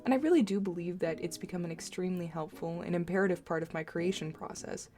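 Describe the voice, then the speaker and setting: Young female narrator, slightly low, dry mock-dramatic humor, faint music bed. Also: fast talker, dark tone. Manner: playful mock-dramatic sarcasm. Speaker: art video creator. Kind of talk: scripted voice-over narration.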